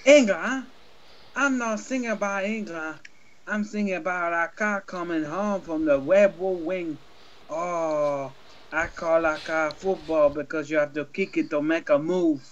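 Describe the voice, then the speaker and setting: A man's voice: a little high, measured pace, lo-fi sound. A man co-hosting a casual comedy podcast, talking in a playful, jokey way. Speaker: podcast co-host.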